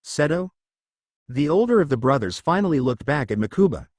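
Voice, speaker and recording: A man narrating a fan fiction story with expressive storytelling. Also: mid-range voice, fast talker, no echo.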